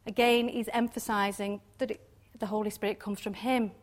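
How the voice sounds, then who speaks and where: A woman giving an informal devotional talk on scripture, chatty and quick to laugh, often ending points with little questions. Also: mid-range voice, level tone. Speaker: Bible teacher.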